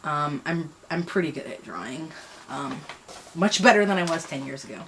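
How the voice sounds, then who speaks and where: A woman's voice: sits low, animated, normal speed, fairly bright tone, slight background noise. A young woman vlogger, talking casually and mocking herself as she rambles, using lots of fillers. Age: young adult. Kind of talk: casual commentary on reading.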